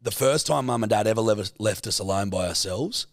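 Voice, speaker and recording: A man in his thirties with an Australian accent, co-hosting a podcast and telling stories in a loose, animated way with plenty of swearing. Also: fairly low pitch, brisk, no echo, studio quality. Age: 30s. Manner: swears freely, animated storyteller. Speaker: podcast co-host. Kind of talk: casual storytelling chat.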